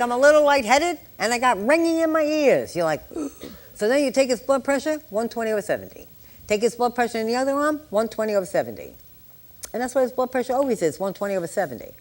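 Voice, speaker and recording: A woman's voice: fairly high pitch, darkish tone. Joking older woman lecturing nurses. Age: 60s. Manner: joking, chatty asides to the class. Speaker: nurse educator. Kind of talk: live exam-prep lecture.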